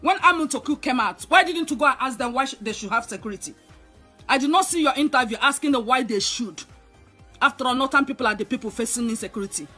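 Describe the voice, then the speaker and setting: A woman's voice: high voice, fast talker, pushed and bright, soft background music. A woman with a Nigerian accent delivering a heated, scolding rant straight to the listener, firing off rhetorical questions and repeating herself. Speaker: online commentator. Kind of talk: angry direct-to-camera rant.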